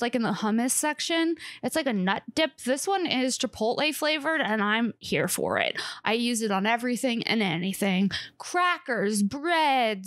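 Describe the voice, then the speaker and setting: A woman with a high-leaning, fairly bright voice rambles casually through the contents of her fridge at home, captured in clean studio sound without echo. The comedian swears freely, jokes sarcastically at her own expense and is slightly winded.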